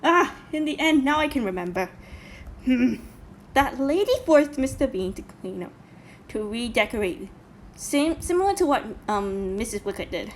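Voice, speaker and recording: A woman's voice: fairly high pitch, sing-song, moderate pace, slight background noise. A woman reacting to a cartoon in casual, indignant commentary, swearing often and filling with "like" and "you know". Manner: indignant, swears a lot, many fillers. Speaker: reaction video host.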